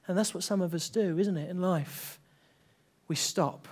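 A man with a high voice preaches a Pentecostal sermon to his church, earnest and unhurried. He shifts between hushed passages and loud, building calls, often repeating himself as he restarts.

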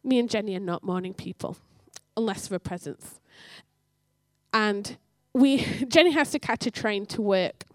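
A woman giving a sermon in church, telling a story and acting out the dialogue with lively energy. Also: mid-range voice, a little slow, dry recording, clean studio sound. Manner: animated storytelling, acts out dialogue. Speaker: church speaker.

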